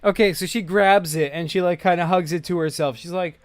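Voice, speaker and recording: A man running a tabletop game as game master, with a clear, smooth, slightly high voice. He speaks casually, in halting bursts full of fillers. Faint guitar music plays beneath. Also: fairly even intonation.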